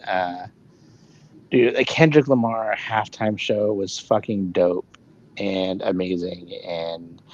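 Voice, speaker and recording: A man's voice: lowish voice, highs cut off. A man co-hosting a podcast, talking in a laid-back, hesitant way in casual chat. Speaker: podcast co-host.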